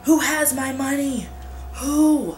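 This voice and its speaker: A high, wailing ghost of a blind dead woman, voiced by a woman reading a scary story aloud. She cries out loudly and then slips into hissed whispers. The sound is roomy and echoey, with music playing beneath. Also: slow. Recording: echoey room with music behind.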